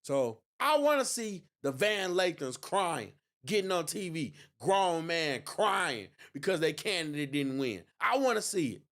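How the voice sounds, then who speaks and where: Animated, gloating man streaming. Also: on the high side, a little slow, few pauses. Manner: gloating, mocking, animated, laughs often. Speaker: livestream host. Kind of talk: election night livestream commentary.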